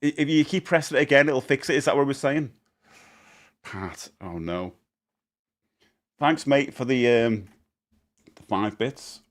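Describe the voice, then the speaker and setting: A man's voice: mid-range voice, unhurried, long pauses. A middle-aged man chatting casually on a live stream, rambling and often laughing.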